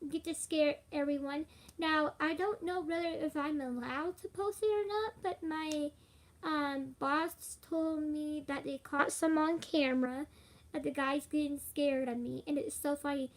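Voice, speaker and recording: Tired high-voiced young woman streaming live. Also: unhurried. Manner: rambling, with frequent fillers and laughs. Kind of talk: casual live stream chat.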